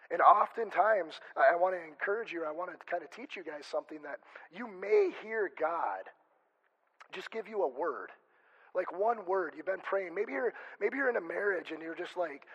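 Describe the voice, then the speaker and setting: A man's voice: on the high side, expressive, brisk, fairly bright tone, breathy edge, rough recording. A male pastor preaching a conversational sermon, chatty and joking, often stopping and restarting mid-sentence. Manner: chatty, self-interrupting, joking asides.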